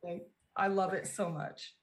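A woman's voice: lowish voice, fairly even intonation, measured pace. A woman co-hosting a casual podcast, rambling as she retells a movie scene and loosely acts out the characters. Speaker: podcast co-host.

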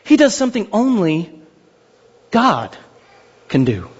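An animated male pastor delivers a sermon slowly in a high, lively, slightly husky voice that climbs and dips, joking and putting on mock voices. The sound is dull, with the long echo of a large church hall.

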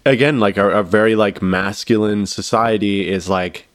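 A man's voice: on the low side, fairly even intonation, normal speed, no echo, clean studio sound. A man co-hosting a podcast, talking casually and rambling with lots of "like" fillers and easy laughter. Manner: rambling, heavy use of "like" fillers; laughs easily. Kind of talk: casual conversation.

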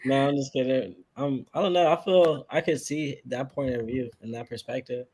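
A man's voice: mid-range voice, normal speed, darkish tone, slightly rough. A man on a podcast panel, easygoing and reasonable, with the odd dry joke. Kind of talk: casual panel chat.

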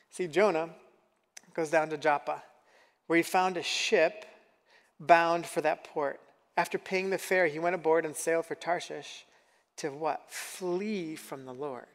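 A man's voice: fairly high pitch, moderate pace, in a large hall. A man preaching a sermon in a conversational way, often asking the audience questions. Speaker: pastor.

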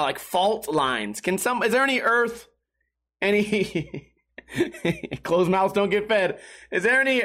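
A man's voice: high voice, a bit bright. A young man livestreaming, chatting casually to viewers, swearing a lot and laughing at his own jokes. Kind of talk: casual rambling chat to stream viewers.

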